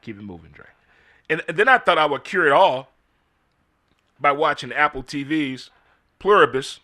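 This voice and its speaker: A man's voice: fairly high pitch, moderate pace, pushed and bright. A middle-aged man hosting a casual solo commentary, full of incredulous rhetorical questions. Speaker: host.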